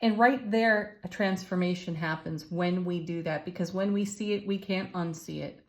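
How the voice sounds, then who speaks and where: A woman giving a relaxed spiritual tarot reading, encouraging and gentle, with soft laughs and murmured asides. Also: on the low side, moderate pace. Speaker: tarot card reader and channel host. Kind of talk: unscripted spiritual card reading.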